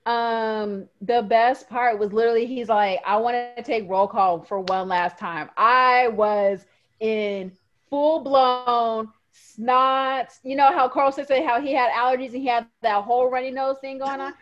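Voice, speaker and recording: A woman's voice: on the high side, moderate pace, hardly any pauses. A woman co-hosting a podcast, casually and emotionally retelling favorite moments with lots of fillers. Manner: animated, emotional storytelling with fillers. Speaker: podcast co-host. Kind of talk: casual chat. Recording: muffled lo-fi audio.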